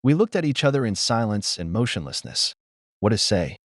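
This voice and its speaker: Guy reading a war memoir, serious and measured, pitch moves around a lot, dry close mic. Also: big pitch swings, no echo. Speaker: narrator. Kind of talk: scripted first-person war memoir narration.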